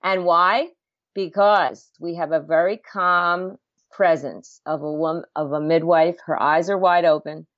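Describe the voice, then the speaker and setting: A woman's voice: sits low, fairly even intonation, a little slow, dry recording. A middle-aged woman, a home birth midwife, talking earnestly as a podcast guest, often restarting her words and laughing. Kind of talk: podcast interview talk. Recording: dull lo-fi sound, dry.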